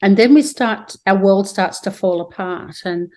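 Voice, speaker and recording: A woman's voice: mid-range voice, measured pace, darkish tone. An Australian woman hosting a spiritual podcast over a video call, speaking in soothing, gushing affirmations. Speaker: podcast host.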